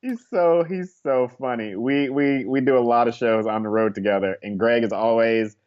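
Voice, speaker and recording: A man's voice: mid-range voice, moderate pace, darkish tone. Slangy male comedian, slightly dull sound. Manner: loose, rambling, slangy, with playful impressions. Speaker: comedian guest. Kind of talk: casual comedy interview.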